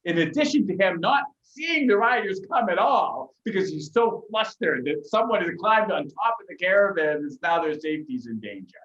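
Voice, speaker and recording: A man narrating a tabletop game as game master, with lively delivery and frequent restarts. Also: high-pitched, normal speed, few pauses, reverberant, muffled recording.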